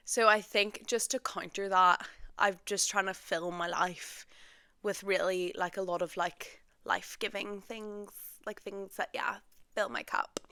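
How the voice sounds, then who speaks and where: A bright-voiced young woman hosts her own podcast in loose, chatty talk. She is self-deprecating and says "like" again and again. The recording is close and dry. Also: mid-range voice, clean tone, no room sound. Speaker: podcast host. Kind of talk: casual solo podcast chat.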